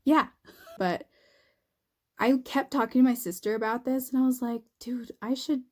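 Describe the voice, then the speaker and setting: A woman's voice: a little high, normal speed. A young woman vlogger chatting through a funny story while doing her makeup, acting out what people said and laughing often. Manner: animated, laughing, acts out quotes. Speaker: beauty vlogger.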